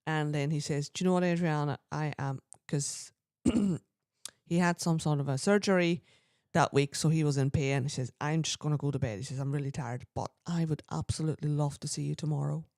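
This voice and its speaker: Speaking briskly in a low voice, a woman on a podcast she co-hosts relates a long story from her own life in casual conversation, mimicking each person's voice with gusto. She clears her throat a lot. The audio is clean studio sound with no room tone.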